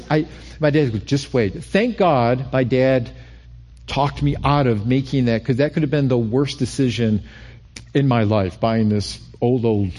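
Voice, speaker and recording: A middle-aged pastor with a medium-pitched, darkish voice preaches a sermon conversationally. He often restarts phrases and builds up emphasis.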